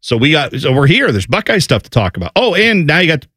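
A man's voice: a little high, fast talker, slightly rough, no echo, clean studio sound. A man hosting a sports radio show, chatting casually and acting out quoted voices. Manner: animated, acts out quoted voices.

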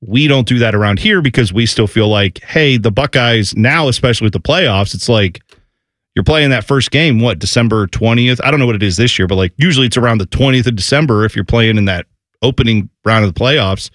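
A man's voice: mid-range voice, a little fast, no echo, clean studio sound. A man hosting a sports radio show, chatting casually and acting out quoted voices. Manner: animated, acts out quoted voices.

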